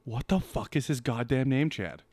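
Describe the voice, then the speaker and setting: A man co-hosting a podcast chats casually, blunt and teasing, with plenty of swearing. His voice sits at medium pitch with a darkish tone and moves at a normal pace. The sound is clean studio quality with no echo.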